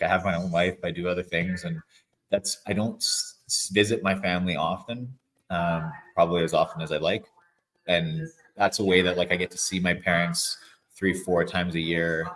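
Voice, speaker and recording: A low-voiced guest athlete, around his thirties, rambles casually in an interview, saying "like" again and again. He sounds relaxed throughout. The recording quality is low.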